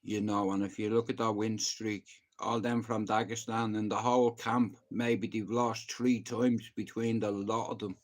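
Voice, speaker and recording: A man's voice: fairly low pitch, flat delivery, normal speed, few pauses. An Irish man telling a story casually on a live stream, rambling and blunt, swearing freely. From Ireland. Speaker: livestreamer.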